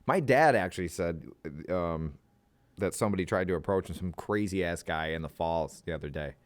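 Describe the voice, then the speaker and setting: A young man co-hosts a podcast, chatting casually in a rambling, profane way and laughing often. His voice is low-pitched, at a moderate pace, with no room sound.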